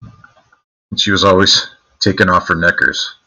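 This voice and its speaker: A man's voice: low voice, little pitch movement, unhurried, bright, forceful tone, rough recording. A man streaming live, chatting casually with his viewers in a crude, joking, mocking way.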